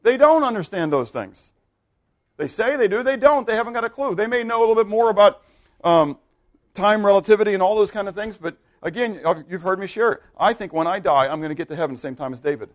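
A pastor preaching a sermon, animated and questioning his congregation, swinging between loud emphasis and hushed asides. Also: sits high, fast.

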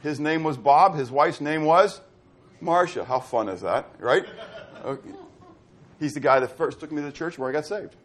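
A man's voice: a little high, moderate pace. A middle-aged man from Pittsburgh preaching a sermon as pastor, quizzing his congregation with fill-in-the-blank questions. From Pittsburgh, USA.

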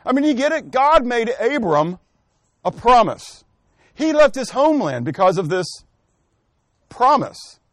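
High-voiced man teaching a Bible class. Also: very animated, measured pace, long pauses, no room sound, clean studio sound. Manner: asks the class questions and calls on people by name; thinks aloud and corrects himself. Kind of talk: interactive scripture lesson.

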